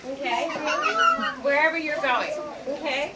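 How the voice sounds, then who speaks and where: Speaking at a normal pace, a woman with a high, expressive voice runs a manners lesson for children in a library program room. Upbeat and teacherly, she acts out greetings and handshakes. Background noise, room echo, and a far-off mic mark the recording.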